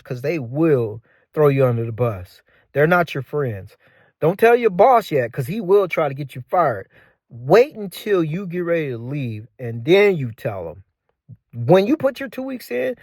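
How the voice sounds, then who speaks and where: A man in his forties telling his own story in a casual, animated way, giving advice and repeating points for emphasis. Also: mid-range voice, no room sound, studio quality. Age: 40s. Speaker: channel host.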